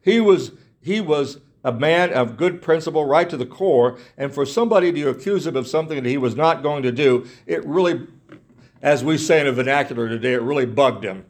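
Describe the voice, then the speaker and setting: A man's voice: on the high side, lively intonation, fairly quick. A man preaching a sermon in an earnest way, repeating himself, restarting phrases and asking his listeners rhetorical questions.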